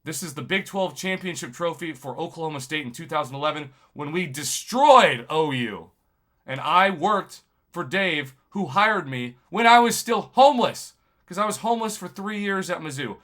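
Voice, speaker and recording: A man, a YouTube journalist, talking to camera in a rambling, impassioned monologue full of shout-outs. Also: fairly high pitch, lively intonation, brisk. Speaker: YouTube video game journalist.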